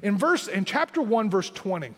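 A man's voice: high-pitched, big pitch swings, moderate pace, slightly rough, long reverb tail. A man with a Southern Tennessee accent preaching a sermon as pastor, with emphatic rising lines.

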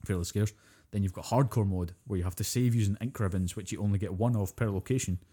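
A quick-talking man, his voice low and soft-toned. He tells a game's story as a podcast co-host, in casual chat that is full of swearing and acted-out quotes. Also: slightly rough. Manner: animated storyteller, swears freely, acts out quotes. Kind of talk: casual chat about video games.

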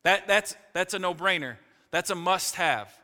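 A man preaching a sermon as pastor, emphatic, swinging from loud peaks to low, quiet asides. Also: moderate pace, big-room sound.

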